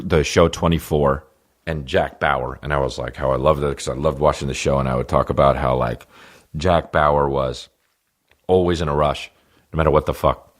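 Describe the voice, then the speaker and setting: A man in his thirties from New Jersey, hosting a comedy podcast with a rambling, profane, laid-back monologue. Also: extremely low pitch. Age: 30s.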